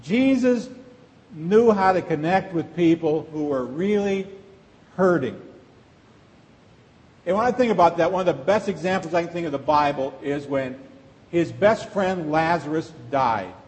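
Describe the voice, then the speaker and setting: A man's voice: a little high, animated, measured pace, long pauses, a little mellow. A middle-aged man, a pastor, preaching a sermon to his congregation in a conversational way, asking the room rhetorical questions. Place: church sanctuary. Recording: long reverb of a large church hall.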